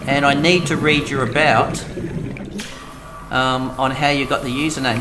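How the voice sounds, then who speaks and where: A middle-aged Australian man hosting a game live stream, chatting casually with viewers and pausing often with ums. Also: medium pitch, steady tone, background noise. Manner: hesitant, many ums, reads chat aloud.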